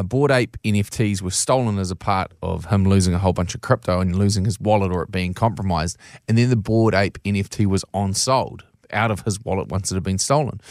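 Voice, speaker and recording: A man's voice: lowish voice, no echo, studio quality. A man co-hosting a podcast in casual chat, rambling and laughing as he explains. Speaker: podcast co-host.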